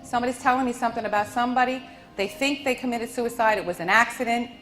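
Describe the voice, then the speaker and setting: A woman's voice: fairly high pitch, quick pace, soft background music, low-quality recording. Soothing woman giving a live spirit reading. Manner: soft, soothing, tender, calling people honey and sweetheart. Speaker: medium at a public reading.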